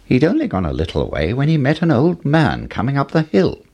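Gravelly, husky man reading a storybook. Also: mid-range voice, wildly swooping pitch, brisk, warm tone, muffled recording.

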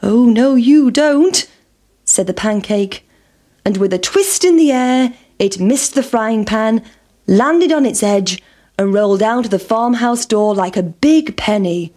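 A woman reading a children's story aloud in a slow, clear storybook delivery. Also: mid-range voice, animated, a little mellow.

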